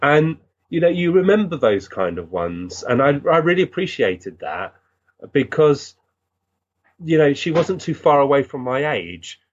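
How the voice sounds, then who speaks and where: A man, a guest recounting experiences in an animated, earnest way with many restarts. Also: on the high side, unhurried, dull audio. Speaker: guest, physical medium. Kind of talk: storytelling in conversation.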